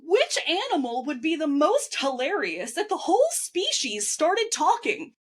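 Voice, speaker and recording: A woman hosting an interview podcast in a high voice that swoops all over. She asks her questions in a bubbly, teasing way, as if running a quick-fire game. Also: wildly swooping pitch. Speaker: podcast host.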